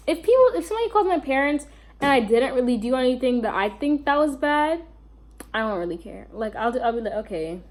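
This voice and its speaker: A young woman with a New York accent telling a rambling storytime vlog, full of fillers and asides. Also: high voice. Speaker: vlogger.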